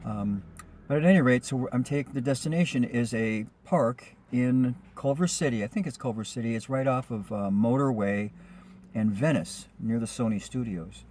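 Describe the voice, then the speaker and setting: A man's voice: medium pitch, normal speed, darkish tone, a little hiss or hum. Chatty man telling a road story. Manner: rambling, chatty storytelling with frequent ums. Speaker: rideshare driver telling a story. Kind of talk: casual spoken anecdote.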